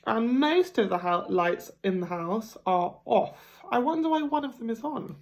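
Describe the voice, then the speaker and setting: A woman teacher reading a picture book aloud to children at a gentle pace, pausing to ask them questions. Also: a little high, animated. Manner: gentle, slow, asks the listeners questions. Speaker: primary school teacher. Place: home.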